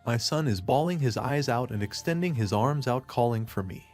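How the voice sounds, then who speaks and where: A man narrating a first-person story in a plain, steady way. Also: medium pitch, normal speed, faint music behind.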